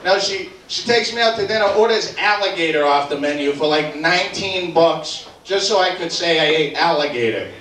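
A man's voice: on the high side, lively intonation, normal speed, few pauses, slight background noise. A young man from Boston with a Boston accent, doing a brash, profane stand-up set in a bar. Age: 20s. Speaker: stand-up comedian. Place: bar comedy club. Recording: roomy club tape from far off, loud crowd. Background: crowd laughter.

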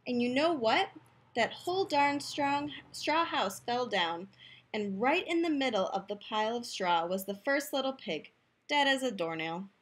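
A woman's voice: fairly high pitch, expressive, unhurried, breathy edge. A woman playfully reading a picture book aloud, telling the story in first person as the wolf, in a youth room.

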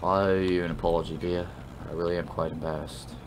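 A man's voice: sits low, little pitch movement, quick pace, noisy background, voice pushed down, lightly acted. A man voicing a drunk apologetic cat girl. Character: drunk young female cat, apologetic and sloppy.

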